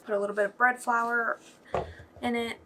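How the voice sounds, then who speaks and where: A woman's voice: a little high, moderate pace, a little hiss or hum. Chatty young woman vlogging her baking. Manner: chatty and self-deprecating, bursting into excited squeals. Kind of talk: casual home baking vlog narration. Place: home kitchen.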